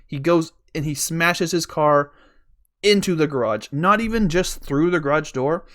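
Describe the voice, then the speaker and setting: A man's voice: a little high, expressive, a little slow, fairly bright tone. A young man hosting a podcast, telling a long rambling story in casual chat, swearing a lot and laughing as he goes. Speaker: podcast host.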